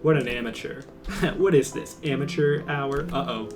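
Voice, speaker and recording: A man's voice: medium pitch, moderate pace. A goofy young man streaming gameplay commentary, sarcastic, swearing and laughing often. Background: game music.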